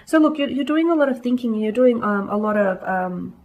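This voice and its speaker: A woman's voice: fairly high pitch, expressive, brisk, narrow, tinny audio. Reassuring woman giving a tarot reading. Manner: reassuring, repeating "I feel like" and "I'm seeing". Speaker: tarot reader. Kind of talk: casual tarot reading to viewers.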